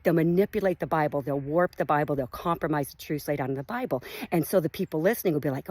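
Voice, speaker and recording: Upbeat fast-talking woman vlogging outdoors. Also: low-pitched, darkish tone, no room sound. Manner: upbeat, chatty, folksy. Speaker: running vlogger. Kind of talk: casual devotional vlog. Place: outdoors at sunrise.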